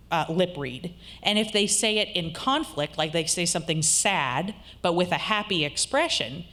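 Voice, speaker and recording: Lower-voiced woman giving a college lecture. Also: a bit bright. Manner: explanatory, checks in with the audience. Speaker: college instructor. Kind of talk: recorded lecture.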